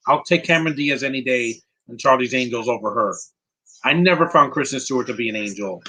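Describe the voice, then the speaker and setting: A man giving casual live movie commentary, rambling and answering viewers' questions with quick opinions. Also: medium pitch, sharp tone, slightly rough, low-quality recording.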